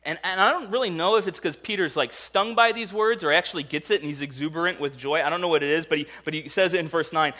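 A man preaching a sermon in a lively storytelling manner, acting out the people in his stories. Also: fairly high pitch, fast, hardly any pauses. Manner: animated storytelling, acts out voices in quoted dialogue. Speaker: pastor.

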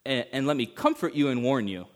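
A man preaching a sermon as pastor, emphatic, swinging between urgent rises and hushed passages. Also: medium pitch, animated, brisk.

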